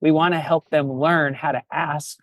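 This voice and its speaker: A man's voice: fairly high pitch, steady tone, moderate pace, no room sound. A man in his fifties, a pastor, talking reflectively on a podcast and often restarting his phrases. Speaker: pastor and guest. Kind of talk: casual podcast conversation.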